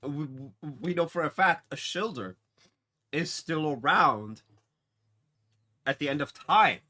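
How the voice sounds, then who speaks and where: A man talks through a TV episode in a loose, unscripted recap. He speaks slowly and often stops to restart his sentences with ums and uhs. His voice has a bright, forward edge. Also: on the high side, lively intonation. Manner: rambling, many fillers and restarts. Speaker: TV episode reviewer. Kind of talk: casual spoken episode recap.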